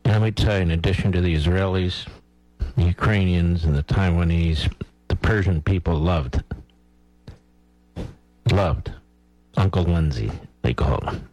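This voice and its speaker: A man's voice: low-pitched, measured pace, pauses often, darkish tone, dry recording, faint music behind, low-quality recording. A man hosting a talk radio show, delivering a blunt, emphatic opinion monologue and cueing his producer.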